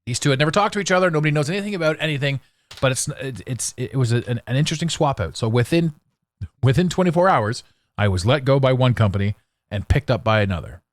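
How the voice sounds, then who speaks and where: A man hosting a solo podcast, talking in a blunt, sarcastic, animated way with frequent restarts. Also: mid-range voice, fast talker, dry recording, studio quality. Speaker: podcast host.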